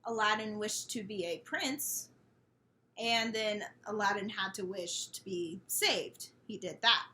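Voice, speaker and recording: A woman's voice: medium pitch, a little slow, sharp tone, slight background noise. A young woman co-hosting a podcast, chatting casually and rambling through her points with restarts. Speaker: podcast co-host. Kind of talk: casual chat.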